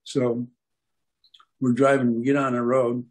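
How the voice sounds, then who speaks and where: Speaking at a measured pace in a medium-pitched, darkish voice with a level tone, an older man rambles through anecdotes as a guest of an aquarium club. He drifts from story to story and often gropes for words, with many fillers along the way.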